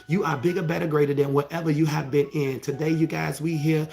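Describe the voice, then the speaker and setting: A man's voice: on the high side, brisk, gravelly, hardly any pauses. A man preaching a sermon in a colloquial, emphatic way, often checking with his listeners and repeating phrases as he builds up. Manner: colloquial and repetitive, with rising, fervent passages.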